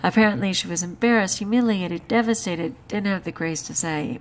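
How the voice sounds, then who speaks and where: Tired woman vlogger, chatty and emphatic, mid pitch, faint background noise. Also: fairly quick, few pauses. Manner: chatty, emphatic, with frequent laughs and exclamations. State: exhausted. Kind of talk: casual personal vlog.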